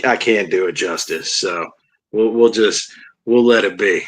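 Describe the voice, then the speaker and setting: A man's voice: fairly low pitch, measured pace. A man who is a guest on a podcast, talking in an easygoing, chatty way. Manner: easygoing, talkative. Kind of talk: casual podcast chat.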